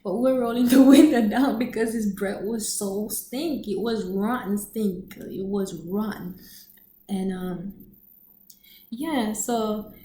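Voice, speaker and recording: A woman telling a story in casual chat on her vlog, animated and laughing often, acting out quotes in a high voice. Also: slow pace, roomy sound, a little hiss or hum, poor audio. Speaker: storyteller vlogger.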